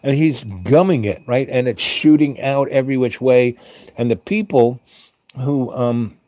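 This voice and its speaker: A man in a Santa-style role rambling through a casual story, full of ums and restarts, jumping into squeaky voices for the people he quotes. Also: unhurried, warm tone, dry recording. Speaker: vlogger playing a Santa character.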